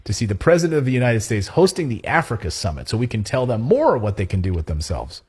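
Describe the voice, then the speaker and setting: A man's voice: mid-range voice, fast, husky. A man co-hosting a political talk show, speaking sarcastically and mocking officials as he reads and comments. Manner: mocking, animated, quotes officials in exaggerated voices. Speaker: podcast co-host.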